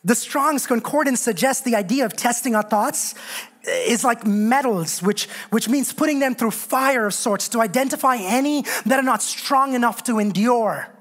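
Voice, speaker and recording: Preaching man with humorous asides. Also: normal speed. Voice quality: swings from loud preaching to low, quiet asides. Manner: humorous storytelling with self-deprecating jokes. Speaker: pastor. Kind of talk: sermon.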